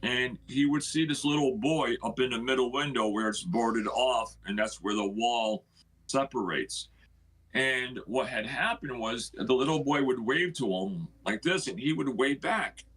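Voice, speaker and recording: A middle-aged man with a husky, slightly breathy voice tells a long story from his own life. He speaks at an ordinary pitch and pace. He keeps it earnest and acts out what other people said. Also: a little slow, a bit bright, low-quality recording. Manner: earnest storyteller who acts out quoted speech. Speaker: house owner telling its history. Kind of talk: storytelling on a live stream.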